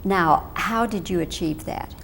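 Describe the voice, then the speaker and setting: A woman interviewer with a fairly low voice asks friendly, measured questions. The old TV recording carries a faint hiss and low rumble behind her. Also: gravelly, fairly bright tone.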